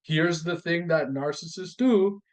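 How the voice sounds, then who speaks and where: A podcast guest with a slightly high voice speaks at a measured pace while telling a personal story. His delivery is animated, voicing both sides of a dialogue, and he frequently repeats and restarts his phrases.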